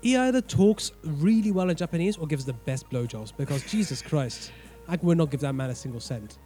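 A man's voice: a little high, expressive, a little fast, dark tone, soft background music. A man co-hosting a casual podcast, talking in a blunt, sarcastic way. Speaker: podcast co-host.

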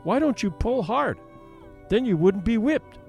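A man's voice: sits high, big pitch swings, normal speed, darkish tone, faint music behind. A man voicing a fussy, fluttering young woman, with plaintive, gushing exclamations. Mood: pleading. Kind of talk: audiobook character voice.

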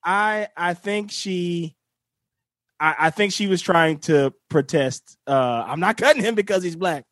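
A man in casual chat, excitable, stumbling over repeated words and joking in big exaggerations. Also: high-pitched, unhurried, no echo, studio quality. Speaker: guest commentator.

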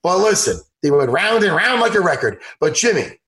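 Man, podcast host, high voice, lively swooping pitch, excitable casual chat. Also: brisk. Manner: animated, excitable, laughs a lot, acts out impressions loudly.

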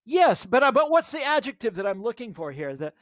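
A man's voice: very high voice, sing-song, fairly quick, a bit bright, no echo, studio quality. A middle-aged American man, a guest writer, talking in a casual podcast interview and rambling with many restarts. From United States. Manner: rambling, restarts often, chuckles at his own stories.

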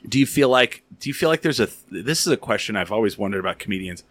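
A man hosting a podcast, telling stories in a casual, animated, rambling way with a lot of filler words. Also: lowish voice, quick pace. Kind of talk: casual storytelling and interviewing.

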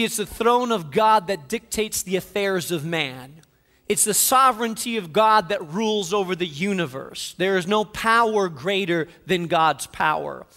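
A man preaching a dramatic sermon, swinging from soft passages to loud declarations. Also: sits high, in a large hall. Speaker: pastor.

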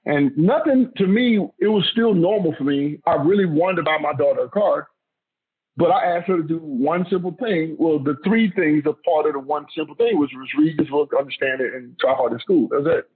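A man's voice: a little high, fairly quick, breathy edge. A middle-aged man, a former football player, telling a family story in an interview, emphatic and repeating himself. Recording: tinny phone-like audio.

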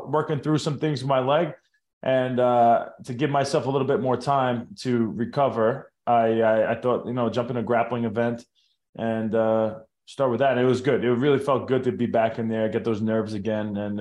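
A man talks as a guest on a casual podcast, relaxed, friendly and reflective. His voice sits in the middle range, and the recording has a roomy echo. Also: medium pitch, moderate pace.

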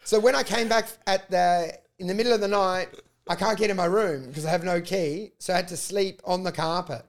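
A man's voice: sits high, a little fast. A man telling a rambling story in casual chat, swearing a lot and acting out what people said. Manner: profane, animated storytelling with acted-out quotes. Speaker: comedian.

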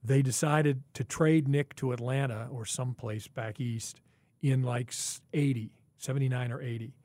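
A man in his sixties, a former football player, co-hosting a podcast and swapping old team stories in an animated, chatty way. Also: medium pitch, normal speed, dry recording. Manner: reminiscing, animated, with asides. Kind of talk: casual storytelling chat.

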